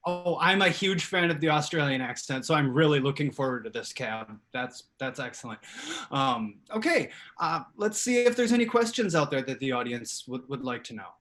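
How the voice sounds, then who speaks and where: Animated male improv host. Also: a little high, moderate pace. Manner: animated, upbeat, hedging fillers. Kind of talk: live improv show over video call. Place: home. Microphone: video call.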